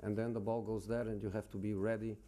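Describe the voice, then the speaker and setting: A man answering questions as a football manager at a press conference, speaking haltingly and repeating words with many pauses. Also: on the low side, level tone, dark tone.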